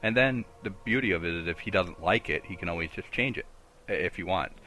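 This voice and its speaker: A man co-hosting a casual podcast, relaxed and agreeable, thinking aloud as he talks. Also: low-pitched, a little fast. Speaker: podcast co-host.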